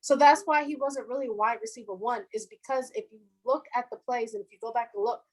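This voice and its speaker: A woman's voice: fairly high pitch, fast, poor audio. Chatty young woman talking football. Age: 20s. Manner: chatty, animated, laughs often; fan of the team, says "our defense". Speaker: podcast co-host. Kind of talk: casual sports chat.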